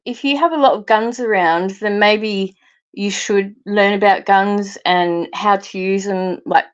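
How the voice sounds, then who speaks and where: A woman's voice: mid-range voice, clear, resonant tone. A woman in casual chat who laughs often and reacts with short remarks. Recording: dull lo-fi sound.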